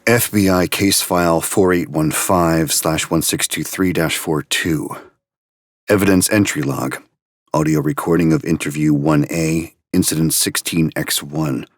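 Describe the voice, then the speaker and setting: An actor playing an official reading out an FBI evidence log in a dry, clipped, bureaucratic manner. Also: male voice, low voice, no echo.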